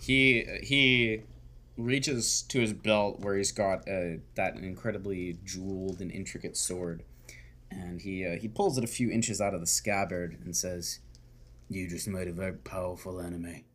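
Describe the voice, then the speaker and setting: Halting low-voiced man running a game. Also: sharp tone, slight background noise. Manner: halting, many fillers and restarts. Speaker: game master. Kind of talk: narrating a tabletop game.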